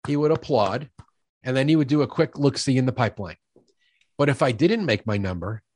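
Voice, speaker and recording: An energetic middle-aged man explains sales management in an emphatic, conversational way and often slips into acted-out dialogue. His voice is recorded close and dry, with no room sound, and sits at an ordinary male pitch. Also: dry recording. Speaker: sales leadership expert guest. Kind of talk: conversational podcast interview.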